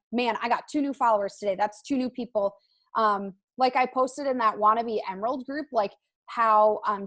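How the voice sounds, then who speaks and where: Chatty young woman leading a team call. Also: a little high. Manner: chatty, lots of "like" and "um". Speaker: team call host and coach. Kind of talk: casual motivational talk.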